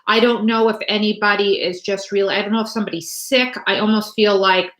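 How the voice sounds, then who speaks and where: A woman's voice: mid-range voice, fairly even intonation, a little fast, a bit bright, reverberant. Rambling chatty tarot reader woman. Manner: rambling, chatty, many fillers and restarts. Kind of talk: live-stream tarot reading.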